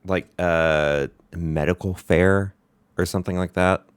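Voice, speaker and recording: A man's voice: low voice, fairly even intonation, a little slow, clear, resonant tone, no echo. A man streaming his reactions to a reality show, blunt and incredulous, swearing casually.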